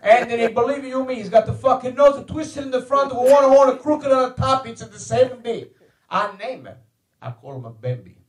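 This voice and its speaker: A man's voice: extremely high pitch, animated, moderate pace, faint music behind, pitched above the performer's own voice. A man doing a blustering dad. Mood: insistent. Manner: broken English, blustering, shouting profanity. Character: hot-tempered immigrant father, older man, crude and stubborn. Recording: echoey room with faint noise.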